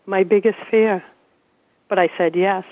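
50-something lady from massachusetts, chatty and animated storyteller, tinny dry phone sound. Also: mid-range voice, unhurried, dry recording. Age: 50s. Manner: chatty, animated, laughs while telling stories. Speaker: interview guest. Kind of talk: casual storytelling.

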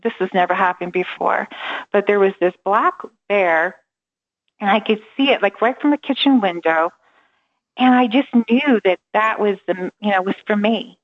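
A middle-aged woman telling a personal story in an animated way, slipping into voices for the people she quotes and laughing as she goes. Her pitch sits mid-range for a woman. The sound is dull and lo-fi, like audio from an online call. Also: moderate pace. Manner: lively storyteller who acts out quoted dialogue and laughs often. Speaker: empowerment coach, guest. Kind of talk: storytelling in a remote interview.

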